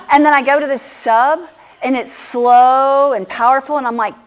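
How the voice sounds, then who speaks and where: Lively woman yoga teacher, tinny sound. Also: high-pitched. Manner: lively, laughing, acts out her own inner voice. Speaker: yoga teacher hosting a teacher training. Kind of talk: casual group discussion.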